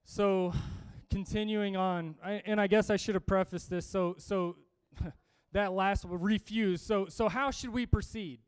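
Male preacher, high and clear voice, emphatic and lively sermon delivery, dry sound. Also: unhurried, dry recording. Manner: energetic, emphatic, with restarts and humor.

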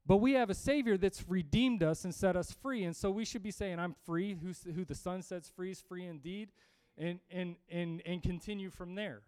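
Male preacher, high and clear voice, emphatic and lively sermon delivery, dry sound. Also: moderate pace, no echo. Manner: energetic, emphatic, with restarts and humor.

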